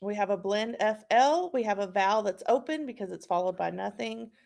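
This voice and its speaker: A woman's voice: mid-range voice, fairly quick, gravelly, darkish tone. A woman teacher leading a patient, encouraging phonics lesson for young children.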